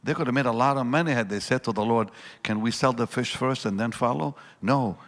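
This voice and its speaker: A man preaching a sermon, swinging between loud bursts and hushed lines and acting out the voices in his story. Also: mid-range voice, fairly quick. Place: large church hall. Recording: long church reverb.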